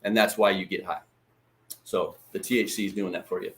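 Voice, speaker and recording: A man's voice: deep voice, steady tone, a little fast. A man hosting a casual livestream lesson. He talks in a loose, chatty way, swears freely and greets viewers by name. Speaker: livestream host.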